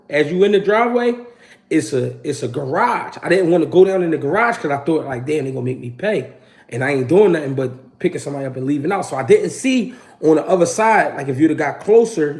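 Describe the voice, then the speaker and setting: Animated Philly man telling a story. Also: on the high side. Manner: animated, slangy, profane, acts out quotes. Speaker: channel host. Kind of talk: casual storytelling to a live audience.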